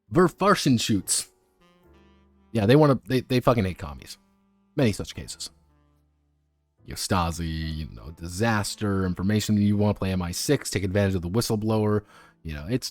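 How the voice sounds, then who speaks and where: A man's voice: fairly low pitch, a little mellow, no room sound. A man streaming casual commentary on tabletop games, rambling with frequent stumbles, restarts and offhand swearing.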